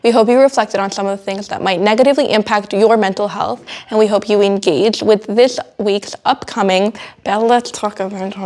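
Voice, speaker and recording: A woman's voice: medium pitch, fairly even intonation, normal speed, hardly any pauses, a little mellow. A teenage girl hosting a student school show, giggling and flustered as she keeps slipping on her lines in outtakes. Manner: giggly, flustered by slip-ups.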